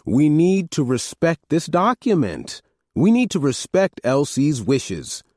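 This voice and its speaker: An insistent grown son presses his point in a raised, lively voice, as a man reads him. The recording is dry and close. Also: a little high, normal speed, dry recording, pitched above the performer's own voice. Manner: insistent, pleading.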